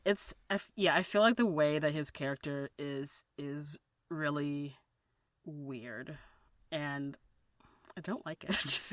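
A woman's voice: low-pitched, fairly bright tone, no echo, clean studio sound. A woman co-hosting a podcast, speaking hesitantly with many fillers and restarts and laughing often. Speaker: podcast co-host. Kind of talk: casual chat.

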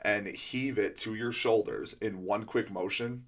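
Man, host, low pitch, chatty, restarts a lot, casual interview. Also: steady tone, unhurried. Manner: rambling, many restarts and fillers. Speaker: podcast host and throwing coach.

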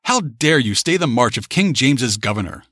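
A man's voice: mid-range voice, very animated, moderate pace, husky, no echo, clean studio sound. Man putting on a harsh arrogant royal governor. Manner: loud, harsh.

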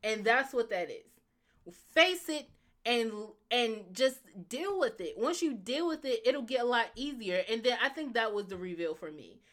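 Blunt, animated woman co-host. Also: fairly high pitch, a little slow. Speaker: podcast co-host. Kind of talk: casual chat.

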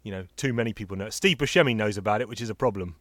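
A man's voice: fairly low pitch, racing, fairly bright tone, dry recording, studio quality. A man co-hosting a casual film-review chat, often chiming in with agreement and reading from his notes. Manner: chatty, agreeing fillers, reads out notes. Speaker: podcast co-host reviewing films.

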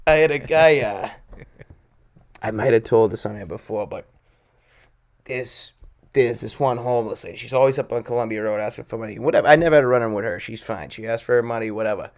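A man swapping stories on a podcast, profane and confrontational, laughing as he goes. He puts on other people's voices in his anecdotes, and his voice sits at a middling pitch. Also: fairly quick. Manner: petty and confrontational. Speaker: podcast co-host. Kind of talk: casual storytelling chat.

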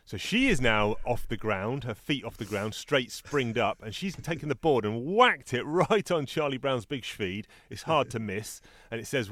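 A man co-hosting a casual comic-strip podcast, briskly recapping strips and jumping up in pitch to act out the quotes. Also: fairly bright tone, no echo. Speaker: podcast co-host.

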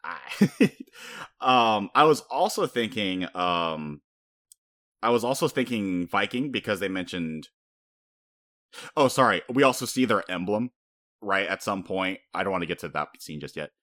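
Animated man in casual podcast chat. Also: measured pace, dry recording, clean studio sound. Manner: animated, laughs often, jumps into high-pitched impressions. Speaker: podcast co-host.

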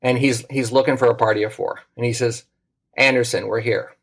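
A middle-aged man tells a story as a guest on a podcast, in an easy conversational way. He gets animated and acts out the voices of the people in his tale, and his voice sits at a medium pitch. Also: brisk, vocal fry, slightly rough. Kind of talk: casual storytelling.

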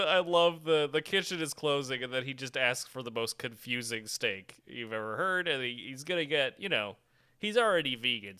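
A man co-hosts a casual podcast chat about a TV episode. His voice is bright and smooth, and he laughs often. He fills his talk with fillers and quick self-corrections. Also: medium pitch. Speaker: podcast co-host.

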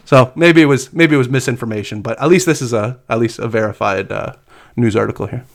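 A man reads the news aloud on a relaxed two-person show and stops often for "uh" and "um". His voice sits at a middle pitch, and he breaks into laughter easily between items. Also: fast talker, vocal fry. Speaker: podcast co-host reading crypto news. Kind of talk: casual news chat.

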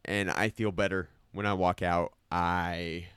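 A man with a slight lisp hosts a casual studio podcast, explaining his view at length. His voice sits low and sounds smooth and resonant. The recording is close and dry. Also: level tone, a little slow, fairly bright tone, dry recording. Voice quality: slight lisp from teeth aligners. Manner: talkative, explaining at length with a skeptical slant. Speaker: podcast co-host. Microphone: studio microphone.

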